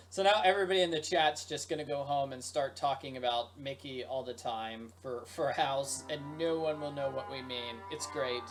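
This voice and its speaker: A man's voice: medium pitch, steady tone, moderate pace. A man giving playful let's play commentary, joking and breaking into silly sung rhymes. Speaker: video game streamer. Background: game music.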